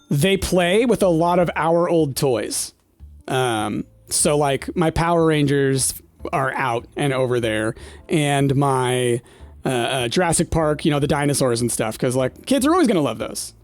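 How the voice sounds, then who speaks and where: A man's voice: a little high, a little mellow, dry recording. A man in his thirties chatting casually while playing a game, rambling and nostalgic with lots of fillers. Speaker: gaming streamer. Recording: dry close mic with faint game music.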